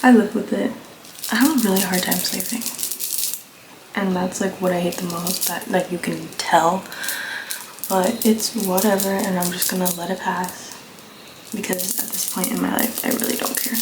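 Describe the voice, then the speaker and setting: A slightly hoarse young woman chatting casually through a makeup tutorial, rambling and full of fillers, recorded on a phone camera at home. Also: on the low side, steady tone, moderate pace, long pauses. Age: young adult. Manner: rambling, filler-heavy, offhand. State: slightly hoarse, coming down with a cold. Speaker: beauty vlogger. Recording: echoey room with clear background noise.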